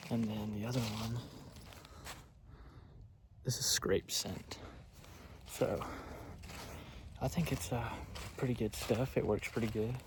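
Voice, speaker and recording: A young man rambling in a laid-back way, often keeping his voice low, in a casual outdoor hunting vlog. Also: fairly even intonation, slow pace, long pauses. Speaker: hunting vlogger. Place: outdoors in woods by a food plot. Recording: outdoor noise behind. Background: outdoor noise.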